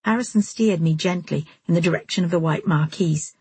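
A woman reads a first-person novel aloud in a measured, storytelling way. Her voice is low and very breathy, almost husky. The recording is close and dry, with no room sound. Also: a little mellow, dry recording. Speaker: audiobook narrator. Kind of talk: first-person audiobook narration.

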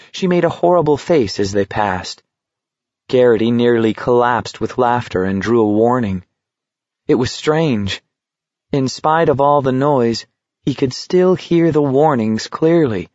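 A man narrating an audiobook in a measured, steady reading voice. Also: mid-range voice, dry recording. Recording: dull lo-fi recording.

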